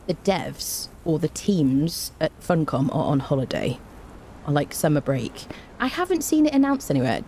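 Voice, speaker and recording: Low, mellow woman game streamer, chatty, greets chat warmly and laughs a lot. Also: a little hiss or hum. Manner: chatty, greets viewers by name, laughs often. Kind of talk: casual livestream chat.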